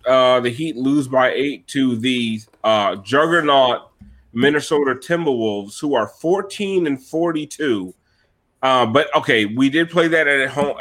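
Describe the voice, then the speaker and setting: Male host, high voice, sharp tone, heated profane rant, exasperated. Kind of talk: post-game rant.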